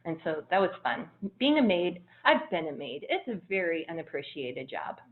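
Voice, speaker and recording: A woman's voice: on the low side, normal speed. Chatty woman on a tinny line. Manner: animated, laughs often, acts out quotes. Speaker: traveler sharing trip photos. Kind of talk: casual storytelling.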